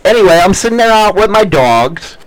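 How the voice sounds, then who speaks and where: A man hosting a casual talk show at home, telling crude, animated stories and swearing constantly. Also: high voice, brisk, rough recording. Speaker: podcast host. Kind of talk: casual profane storytelling.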